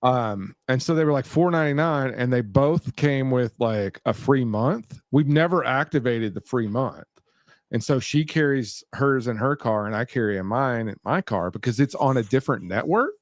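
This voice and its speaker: A man's voice: mid-range voice, lively intonation, normal speed, dry recording. A middle-aged man co-hosting a podcast, chatting casually with teasing dry jokes and many fillers. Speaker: podcast co-host. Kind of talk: casual chat.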